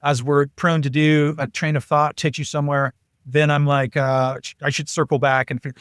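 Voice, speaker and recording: Animated, higher-voiced male podcast guest. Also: moderate pace, clean tone, no room sound, clean studio sound. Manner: animated, jumps into quoted voices. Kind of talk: casual anecdotal storytelling.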